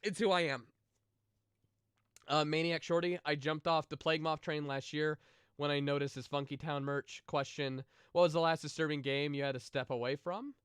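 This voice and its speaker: A man's voice: fairly high pitch, fairly even intonation, a little fast, clean tone, no room sound, studio quality. A man chatting casually on a livestream, reading viewer questions and answering in a rambling, profane way with lots of fillers and restarts, and getting emotional at times. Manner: emotional, sensitive.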